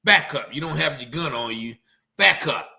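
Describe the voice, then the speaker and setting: A man's voice: fairly high pitch, animated, normal speed, creaky, bright, forceful tone, exaggerated voice. A man voicing an irritated male police officer who gives curt, flustered orders. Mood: commanding.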